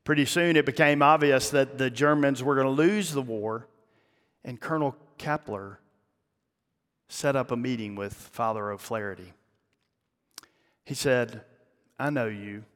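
A male pastor telling a story in a sermon, dramatic, with his voice dropping low and hushed at the emotional peaks. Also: unhurried, pauses often. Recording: long hall reverb.

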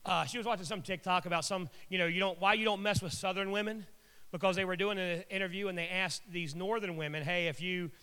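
A man preaches with a high, bright and forceful voice, talking to his listeners like friends and dropping in wry jokes. His words ring out with a long reverb tail, as if filling a large hall. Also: steady tone, fast talker, clean tone. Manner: conversational, joking asides. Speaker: pastor. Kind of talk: sermon with casual storytelling.

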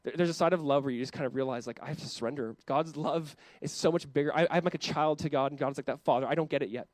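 A young adult man preaching a sermon as pastor, impassioned and often voicing God in quick quoted asides. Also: a little high, dry recording.

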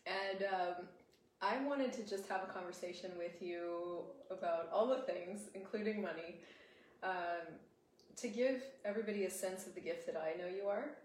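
A woman with an American accent hosting a podcast, chatting with her guest in an upbeat, relaxed way. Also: lowish voice. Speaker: podcast host. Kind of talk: casual conversational interview. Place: room with guest, shared microphone. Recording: roomy echo and faint ambient noise.

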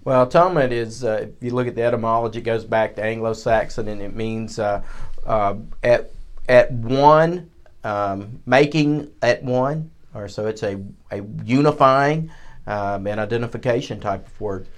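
A man's voice: medium pitch, moderate pace. Hesitant man pastor explaining.

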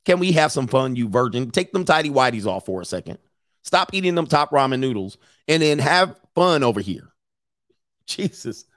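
A man runs a casual livestream, talking brashly and mockingly and laughing between his points. His pitch rises and falls in wide swings. The sound is dry, with no room echo. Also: very animated, moderate pace, fairly bright tone. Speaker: podcast host.

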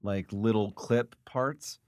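A man with a lowish voice sits in as a comedian guest on a podcast. He speaks into a dry, close studio mic. His jokes come out short and deadpan. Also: slow pace, clean tone, no echo. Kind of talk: casual chat.

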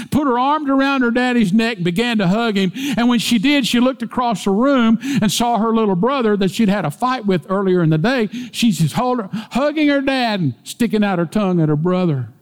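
A man preaching a sermon with emphatic delivery, climbing in pitch and force as he quotes scripture. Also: animated, normal speed. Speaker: pastor. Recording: hall reverb.

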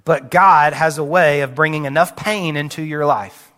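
A pastor in his late thirties gives a sermon in a candid, conversational way, his voice pitched a little high with a bright, forward edge. He often lets his voice sink low and soft. A long reverb from the big sanctuary trails every phrase. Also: fairly even intonation, moderate pace. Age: late 30s. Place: church sanctuary. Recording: long reverb of a large hall.

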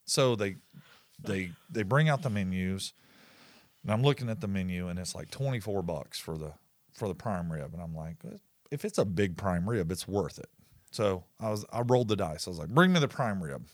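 A man's voice: sits low, animated, normal speed, no echo. A man co-hosting a podcast, telling a long story in casual chat, swearing often and laughing mid-sentence. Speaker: podcast co-host.

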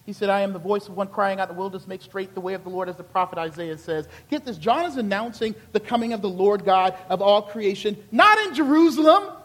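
He's a Southern-accented male pastor from Charleston, South Carolina, with a high voice, rattling through a sermon fast with hardly any pauses. The animated, folksy storytelling rings out with the sound of a big room.

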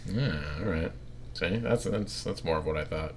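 A man's voice: low voice, normal speed, slight background noise. A man co-hosting a podcast in casual banter, joking and self-deprecating. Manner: joking, self-deprecating, mimics voices in anecdotes. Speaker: podcast co-host.

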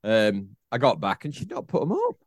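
A man's voice: mid-range voice, huge pitch swings, moderate pace, no room sound, studio quality. A man, co-hosting a podcast in casual, rambling chat and laughing often. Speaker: podcast co-host.

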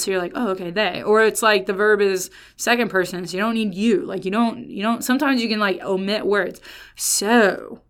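A woman's voice: mid-range voice, a bit bright. Chatty, emphatic woman teaching Scripture. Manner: chatty, emphatic, self-interrupting. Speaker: Bible teacher. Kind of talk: casual Bible teaching.

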